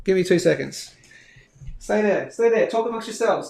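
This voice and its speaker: A man hosts a live stream, walking through price charts as he talks. His voice sits fairly high and carries a gravelly, fried edge. He rambles and thinks aloud, filling gaps with loose asides. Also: lively intonation, moderate pace, darkish tone, a little hiss or hum. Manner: chatty, thinks aloud, many fillers. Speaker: host of a live bullion market show.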